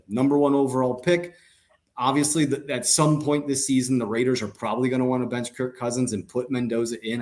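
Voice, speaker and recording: A man co-hosting a sports podcast, talking casually with jokes, fillers and restarts. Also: medium pitch. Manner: animated, joking, many fillers and restarts. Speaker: podcast co-host.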